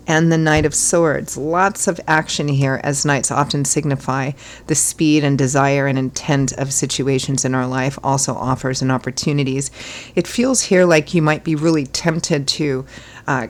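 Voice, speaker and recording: A hoarse woman from Ireland giving a chatty tarot reading, rambling with fillers and clearing her throat often. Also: sits low. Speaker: tarot reader. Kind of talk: casual tarot reading talk.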